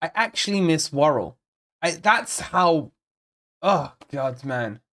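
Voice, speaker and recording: A man with a fairly high, sharp-toned voice speaks slowly but with animation as he hosts a live football watch-along for his fan channel. He chats casually to viewers, rambling and repeating himself while fretting over the team and reading out chat messages.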